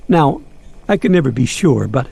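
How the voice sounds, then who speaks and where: A man's voice: medium pitch, very animated, moderate pace, creaky, a little mellow, slightly rough. A man narrating a comic holiday story in a wry, florid, nostalgic manner.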